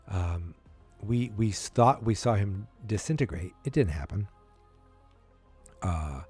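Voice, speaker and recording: A man with a lowish, mellow voice hosts a solo podcast, thinking aloud about a show he loves. He rambles and restarts often, with earnest fan enthusiasm, while faint music plays behind him. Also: no echo. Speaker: podcast host.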